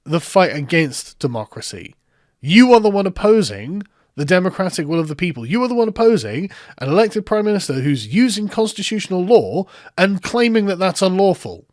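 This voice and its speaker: A man's voice: high voice, big pitch swings, brisk, dry recording, studio quality. A man, ranting sarcastically in political commentary, swearing and mocking his opponents.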